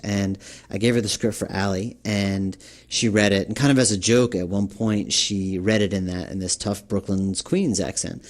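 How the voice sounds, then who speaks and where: A man gives a developer's commentary on his game, a director's-commentary style talk that rambles and hesitates, full of fillers. His voice is on the low side, steady in tone, at a moderate pace.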